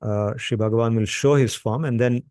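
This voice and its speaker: A man's voice: mid-range voice, fairly even intonation, moderate pace, a little mellow, clear, resonant tone, dry recording. Patient man teaching scripture, dry sound. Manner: conversational, checks in with rhetorical "right?"; patient, repeats points for emphasis. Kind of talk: explanatory lecture on scripture.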